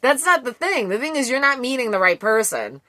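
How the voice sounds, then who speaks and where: A woman giving a casual collective tarot reading, blunt and quick to swear, laughing often. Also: on the high side, sing-song, bright, forceful tone, dry recording. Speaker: tarot reader.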